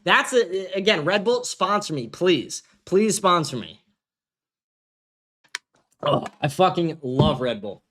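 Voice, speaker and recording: A man with a fairly high, bright voice hosts his own livestream. He rants in a loose, combative way, swearing constantly. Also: lively intonation, slow pace, pauses often, slight background noise. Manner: profane, combative ranting. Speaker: livestream host. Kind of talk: casual livestream rant.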